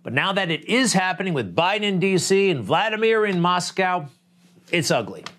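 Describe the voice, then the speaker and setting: A male host talks through the news in a blunt, chatty monologue and keeps throwing rhetorical asides to his audience. His voice sits a little high and swings widely up and down. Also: sing-song, normal speed, a bit bright, slight background noise. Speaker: political commentary host. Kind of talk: opinionated talk show monologue.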